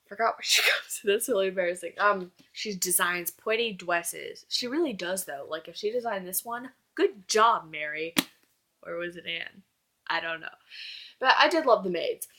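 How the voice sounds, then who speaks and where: A woman's voice: fairly low pitch, lively intonation, normal speed, sharp tone. A young woman reviewing a book in casual chat, gushing and rambling as she fangirls.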